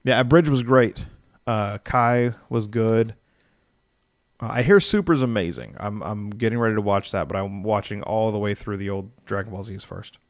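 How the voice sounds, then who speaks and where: Gravelly low-voiced man musing aloud. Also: normal speed, dry recording, clean studio sound. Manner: muses aloud, reads rules text, answers chat. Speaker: streamer building a game character. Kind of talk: casual livestream chat, thinking aloud.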